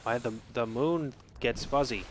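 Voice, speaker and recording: A man's voice: mid-range voice, a little slow, slight background noise. A man giving jokey let's play commentary, reading game text aloud and swinging from mutters to sudden yelps. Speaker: gaming streamer.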